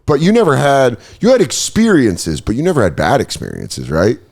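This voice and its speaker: Man, podcast host, casual chat, lively swings in pitch, profane. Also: normal speed, creaky. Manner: animated, swears a lot, slips into put-on voices.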